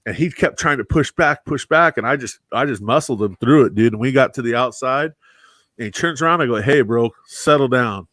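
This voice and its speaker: A man in casual chat, telling old security-guard stories with lively delivery that jumps up and down for each character he quotes. His voice sits mid-range and sounds close and dry, with no room around it. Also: medium pitch, a little fast, no room sound. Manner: animated storyteller acting out quotes, says bro and dude.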